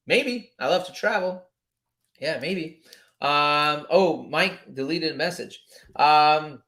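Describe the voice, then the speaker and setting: A man hosting a casual live stream about trading, talking in an animated, repetitive pep-talk way and swearing freely. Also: a little high, slow.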